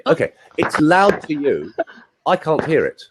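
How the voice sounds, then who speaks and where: Husky guy coaching voices on a call, pitch all over the place, cracks jokes. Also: wildly swooping pitch, a little slow. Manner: explanatory, demonstrates sounds, jokey asides. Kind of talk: teaching on a group call.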